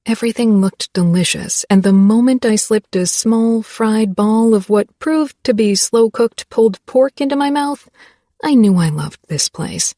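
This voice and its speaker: A woman's voice: on the high side, unhurried, dark tone, no echo, clean studio sound. A woman narrating a first-person romance audiobook with a wry, playful manner.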